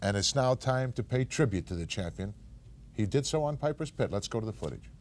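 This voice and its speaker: A man's voice: lowish voice, lively intonation, a little fast, darkish tone. Upbeat male wrestling show host. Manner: upbeat announcer, hyping news. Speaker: studio host. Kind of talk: wrestling show studio banter.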